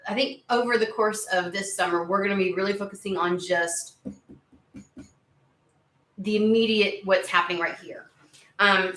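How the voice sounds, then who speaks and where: A woman giving a casual tarot reading to her viewers, chatty and excitable, swearing freely and talking through plenty of fillers. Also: mid-range voice, echoey room, low-quality recording. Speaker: tarot reader.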